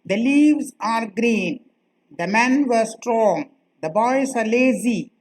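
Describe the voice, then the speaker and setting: A woman teaching a grammar lesson, speaking slowly and repeating key phrases for her students. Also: a little high, animated, darkish tone, low-quality recording. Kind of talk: classroom lecture.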